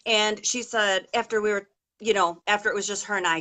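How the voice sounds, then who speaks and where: A woman's voice: mid-range voice, fairly even intonation, brisk, bright, forceful tone. A middle-aged woman interviewing a guest on a casual call, telling a long personal story in a rambling, emotional way with many fillers. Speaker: interviewer, mother of an injured daughter.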